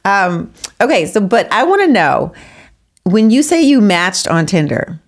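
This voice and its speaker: Podcast host: a woman with a lively, swinging voice, enthusiastic and quick to laugh. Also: medium pitch. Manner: enthusiastic, laughs along often. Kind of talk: casual interview.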